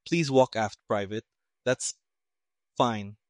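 A man voicing a calm, polite male detective who speaks in a measured, courteous, low-key way, in a dry recording. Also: dry recording, close to an everyday voice. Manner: measured, courteous, soft-spoken.

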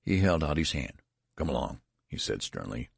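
A man reads a story aloud in a very deep, gravelly voice with a husky edge. His storytelling swings through a wide pitch range, and the sound is dry and close to the mic. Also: very animated, moderate pace, dry recording. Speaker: narrator. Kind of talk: audiobook reading.

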